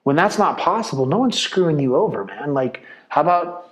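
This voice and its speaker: A retired police officer speaking in a casual interview, blunt and animated, full of "like" and "man". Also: a little high, brisk, poor audio.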